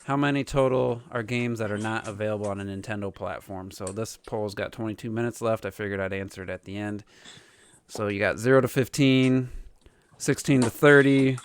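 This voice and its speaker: A man's voice: on the low side, a little fast, smooth, no room sound. Man hosting trivia, dry close sound. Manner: relaxed, hosting trivia questions. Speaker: podcast host. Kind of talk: casual chat.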